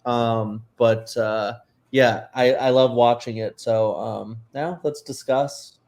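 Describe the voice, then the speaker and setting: A man co-hosting a casual chat show, rambling with many fillers, excitable and a little emotional. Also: medium pitch, slow. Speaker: co-host.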